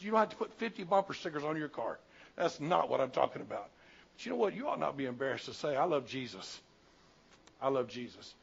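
Animated preaching pastor in his sixties. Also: a little high, creaky, breathy edge. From Southern United States. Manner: animated preaching that swings from loud to hushed. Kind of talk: sermon. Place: church sanctuary. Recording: dull lo-fi church recording.

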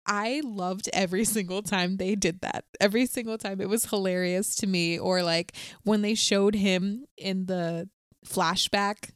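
Young woman podcast co-host, smooth and resonant, playful casual chatter, dry close sound. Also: mid-range voice, steady tone, measured pace, no echo. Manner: chatty, playful, breaks into humming and singing. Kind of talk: casual chat.

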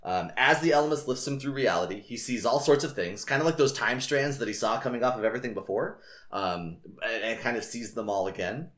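A man hosting a casual book-reading podcast, recapping in a relaxed way with fillers. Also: mid-range voice, brisk, reverberant. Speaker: podcast host.

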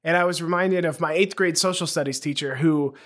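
Higher-voiced laid-back male podcast host. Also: fairly quick, fairly bright tone. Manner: laid-back, laughs easily. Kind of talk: casual chat.

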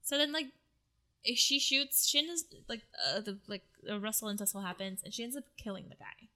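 A woman's voice: a little high, animated, fairly quick, sharp tone. A woman in casual chat, retelling a story in a rambling way, full of fillers and swearing. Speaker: storyteller recapping a show.

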